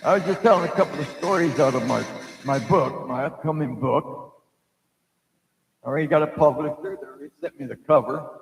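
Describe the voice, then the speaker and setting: Man, middle-aged, heavy vocal fry, rambling storyteller, echoey room with long reverb. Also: fairly high pitch, a little fast, slight background noise. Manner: meandering, loses his thread, many fillers. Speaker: psychic storyteller hosting a live stream.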